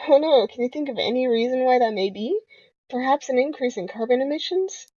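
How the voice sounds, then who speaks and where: A woman voicing a sweet, polite young female scientist from a video game, reading her lines in a gentle, apologetic way. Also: sits high, expressive, fairly quick, no room sound, lo-fi sound.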